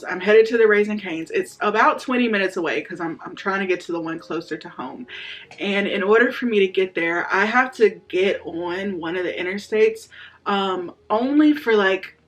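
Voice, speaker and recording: Speaking straight to her viewers, a young woman tells a personal testimony in a chatty, easygoing style, voicing other people's quotes. She has a mid-range, fairly bright voice.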